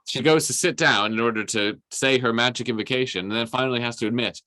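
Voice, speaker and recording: A man's voice: medium pitch, fast talker, hardly any pauses, sharp tone, dry recording. A man teaching a class in a casual, conversational way, often asking "right?" and acting out the characters' lines. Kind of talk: informal lesson retelling a story.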